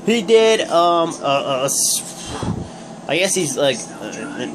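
Rambling young man with lively pitch. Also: takes it slowly, music in the background. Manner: rambling, joking, many fillers. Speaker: host of a wrestling review vlog. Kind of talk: casual recap talk. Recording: noisy background hum.

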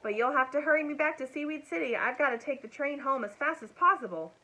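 A woman voicing a brave, eager young boy in a storybook read-aloud, talking in an urgent, excited way. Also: high-pitched, quick pace, voice pushed up, full character voice, low-quality recording.

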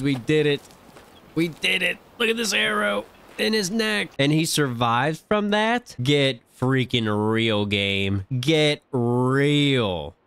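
A man giving excitable hunting-game commentary, swearing and talking straight to his viewers. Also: fairly low pitch, clear, resonant tone. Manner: animated, swears often, talks to viewers. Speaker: gaming channel host.

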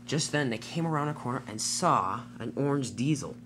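A narrator telling a homemade toy-train story with lively delivery. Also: mid-range voice, moderate pace, background noise. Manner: animated storytelling.

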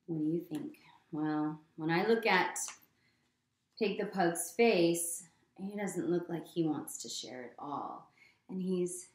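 A woman reading a picture book aloud to children in a gentle manner, often pausing to ask them questions. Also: on the low side, roomy sound. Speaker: storytime reader.

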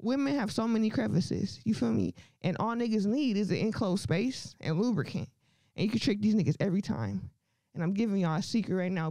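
A woman's voice: mid-range voice, lively intonation, a little fast, vocal fry, warm tone, dry recording. Brash woman doing crude stand-up. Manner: brash, crude, laughs often between lines. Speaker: stand-up comedian. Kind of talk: stand-up comedy set.

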